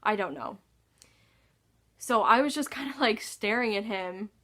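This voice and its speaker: A woman vlogger tells a story in a loose, casual voice. She sighs often, swears freely and sounds exasperated. Her voice sits at a middle pitch for a woman. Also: measured pace, sharp tone.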